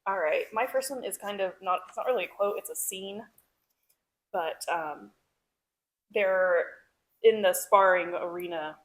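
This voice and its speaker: A woman's voice: mid-range voice, a little slow, long pauses. A woman co-hosting a book club podcast, reading favorite quotes aloud between bursts of laughter. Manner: reads quotes aloud, giggly. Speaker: podcast co-host. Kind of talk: casual book club chat.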